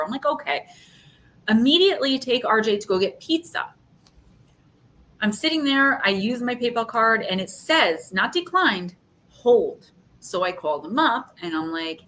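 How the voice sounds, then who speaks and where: A woman hosting a live chat vents about a frustrating customer service mess. She tells it in a fed-up, animated way and plays out both sides of the calls. A faint low rumble sits under her voice. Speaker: livestream host. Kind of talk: casual live chat, telling a story.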